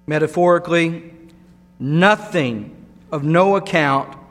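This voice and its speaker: Emphatic preacher in an echoing hall. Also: male voice, fairly high pitch, slow pace, fairly bright tone. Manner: emphatic, repeats words for stress. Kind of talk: sermon. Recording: long hall reverb with mains hum.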